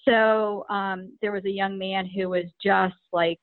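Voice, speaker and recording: A woman's voice: mid-range voice, level tone, measured pace, no room sound. A middle-aged woman hosting a podcast, chatty and telling stories with lots of "you know". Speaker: podcast host. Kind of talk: casual interview talk. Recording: tinny phone line, dry.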